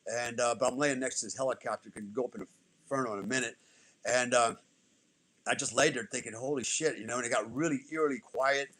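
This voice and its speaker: A man's voice: mid-range voice, fairly even intonation, fast talker, fairly bright tone, low-quality recording. A man, a former soldier, telling a story as a podcast guest in a blunt, profane, casual way.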